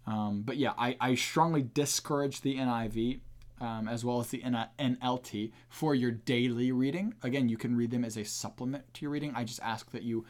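An earnest man hosts a podcast and teaches in a casual way. His voice is mid-pitched, and he leans hard on key words as he explains. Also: fairly even intonation, a little fast, a little mellow. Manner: earnest, emphatic, with restarts. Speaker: podcast host teaching the Bible.

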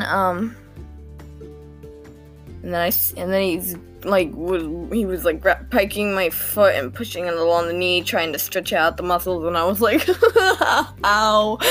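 A teenage girl hosting a podcast, talking through her day in a rambling, self-deprecating way with frequent nervous giggles. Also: on the low side. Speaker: podcast host. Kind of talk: casual diary-style monologue.

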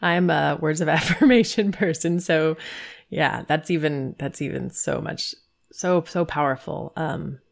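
A woman's voice: low-pitched, unhurried, vocal fry. A woman co-hosting a casual podcast chat, agreeing and laughing often. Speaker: podcast co-host.

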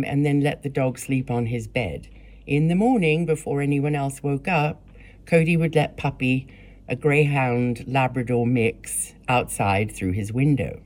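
Low, mellow woman reading her memoir. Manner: measured, plain storytelling with blunt profanity in quotes. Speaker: memoir narrator. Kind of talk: first-person memoir reading.

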